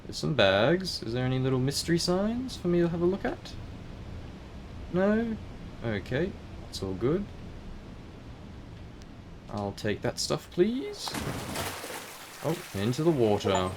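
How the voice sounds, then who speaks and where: A man's voice: on the high side, very animated, slow, long pauses, noisy background. Chatty male gamer thinking aloud. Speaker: gaming video host. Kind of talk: casual game commentary.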